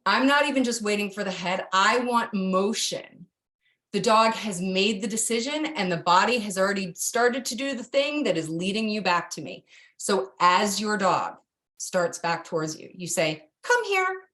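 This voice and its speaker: A middle-aged woman giving a casual, direct online dog-training lesson, talking straight to her students. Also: a bit bright. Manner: chatty, direct, jumps to a high sing-song for cue words. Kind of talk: online course instruction.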